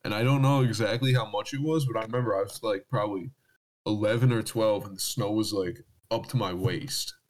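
A man's voice: fairly low pitch, fairly even intonation, brisk. A man in his twenties from New Jersey, easygoing in casual chat, laughing along with lots of "like".

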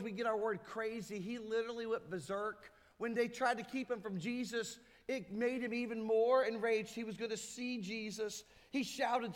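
Pastor, male, high voice, emphatic sermon delivery, church reverb. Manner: emphatic preaching, acts out crowd voices. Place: church sanctuary. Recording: hall reverb.

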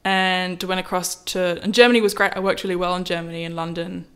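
A woman in casual storytelling, lively, acting out quoted lines with big pitch jumps. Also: quick pace. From Australia. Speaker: model, interview guest.

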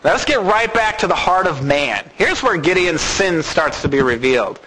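Animated high-voiced male preacher. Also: normal speed, slight background noise, low-quality recording. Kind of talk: sermon.

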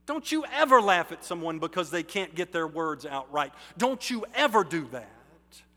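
A woman's voice: on the low side, very animated, normal speed, fairly bright tone. A male preacher voicing a stern mother who firmly scolds her young son, in a reverberant sanctuary. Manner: firm and commanding. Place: church sanctuary.

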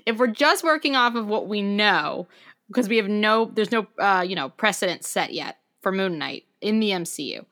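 Woman, podcast co-host, casual chat, bright, playful, giggly. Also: medium pitch, expressive, moderate pace. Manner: playful, giggly, hesitant restarts.

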